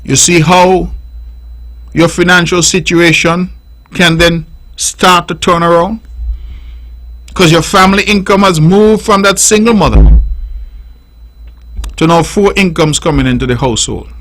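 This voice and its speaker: Speaking a little slowly and pausing often, a middle-aged Nevisian-accented man hosts a radio call-in show. His voice is high-pitched and fairly bright, his commentary emphatic, repetitive and preacher-like into a studio mic, captured in a low-quality recording.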